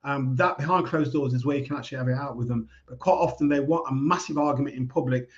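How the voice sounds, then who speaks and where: A man giving calm, measured advice in a casual talk. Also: a little high, lo-fi sound. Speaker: speaker giving life advice.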